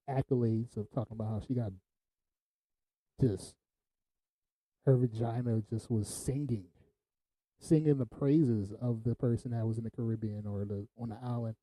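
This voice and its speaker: A man's voice: medium pitch, dark tone, dry recording, rough recording. A man hosting a podcast, telling laid-back stories, laughing often and swearing freely. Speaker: podcast host. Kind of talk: casual storytelling.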